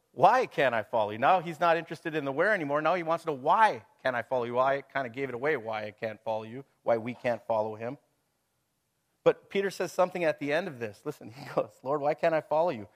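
A man's voice: mid-range voice, quick pace. A middle-aged man preaching a sermon to his congregation, talking it through casually, with rhetorical questions and chuckles. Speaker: pastor.

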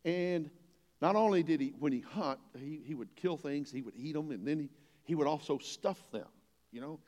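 Folksy older pastor in a reverberant hall. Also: male voice, on the high side, moderate pace, a little mellow. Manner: folksy, earnest, rises to emphatic preaching. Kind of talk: sermon.

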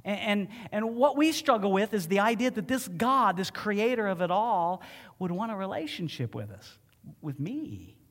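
A pastor preaches to his congregation, his fairly high voice climbing as he gets caught up in a personal story. He is heartfelt and animated. A long church reverb trails after each phrase. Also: moderate pace. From Ohio.

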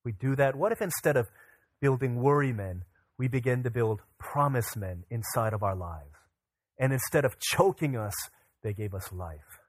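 Guy pastor preaching, mid pitch, pretty dry sound, builds up loud on the big points. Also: normal speed, no room sound. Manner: earnest preaching, rising and falling for emphasis. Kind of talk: sermon.

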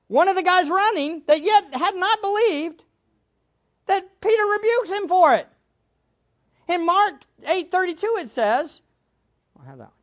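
Animated woman preaching, lo-fi sound. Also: extremely high pitch. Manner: animated, emphatic, laughs and acts out quotes. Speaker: Bible teacher. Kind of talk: sermon.

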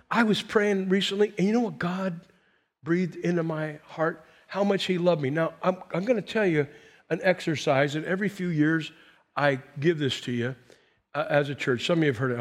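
A man in his sixties preaching as a pastor, swinging from loud emphasis to hushed quiet. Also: a little high, measured pace. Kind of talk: sermon.

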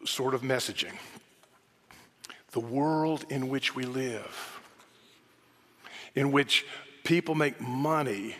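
A man's voice: mid-range voice, measured pace. A male pastor preaches with a mid-range voice, drifting from near-whispered asides to emphatic, punchy quotes. He sounds like he's in a church sanctuary, his words trailing off into a long, echoing hall reverb. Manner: conversational preaching with shifts between soft asides and emphatic quotes. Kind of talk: sermon.

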